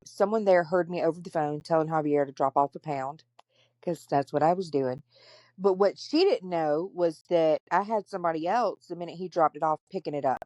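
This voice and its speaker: A woman's voice: lowish voice, warm tone, no room sound. A woman hosting a podcast, telling her story candidly and bluntly, with plenty of profanity. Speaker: podcast host. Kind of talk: casual storytelling chat.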